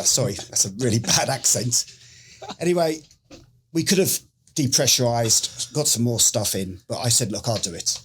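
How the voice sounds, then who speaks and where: A former special forces medic from the United Kingdom, middle-aged, recounts a story in a casual interview and brings quoted lines to life with animated delivery. His voice is mid-range with a breathy edge, at a moderate pace.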